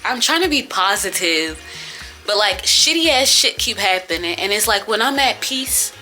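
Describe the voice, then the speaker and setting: A woman's voice: mid-range voice, lively intonation, moderate pace, pushed and bright, soft background music. A young woman vlogger talking casually and venting, with a lot of profanity and frustration.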